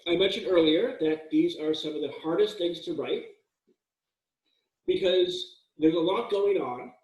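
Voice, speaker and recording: Brief: a relaxed male writing instructor, slightly high voice, casual and jokey, heard at a distance. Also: unhurried. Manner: casual, joking, with frequent fillers and restarts. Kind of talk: recorded lecture. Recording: echoey room, mic at a distance.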